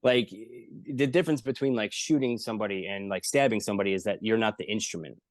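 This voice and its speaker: A man's voice: on the low side, quick pace, dry recording, studio quality. A man, a comedian guest on a podcast, telling a long story in casual chat, rambling and profane with lots of filler words.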